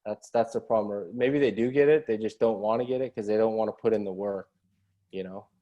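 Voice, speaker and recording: Man, podcast guest, casual storytelling, lowish voice, mellow, keeps asking "right?". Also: fairly quick, muffled recording. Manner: ends many phrases with a questioning "right?"; earnest, motivational.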